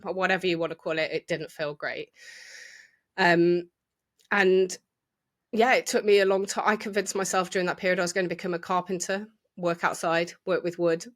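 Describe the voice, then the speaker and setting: Reflective woman, slightly low voice. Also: little pitch movement, moderate pace. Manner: open, reflective, with restarts and acted quotes. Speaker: guest sharing her experience. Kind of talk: candid personal storytelling.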